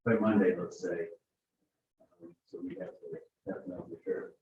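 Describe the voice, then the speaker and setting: A man talking hesitantly at a meeting, full of pauses and fillers. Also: sits low, steady tone, darkish tone, slight background noise. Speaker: meeting member. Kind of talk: casual meeting talk. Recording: distant roomy dull meeting recording.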